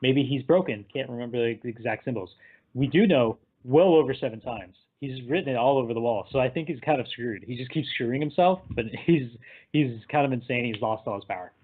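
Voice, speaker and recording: A man recapping a film in casual chat, animated and laughing, sometimes acting out the characters. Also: medium pitch, a little fast, breathy edge. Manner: animated, acts out characters in quotes, laughs often. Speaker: podcast co-host. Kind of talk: casual movie discussion. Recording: tinny phone-like line.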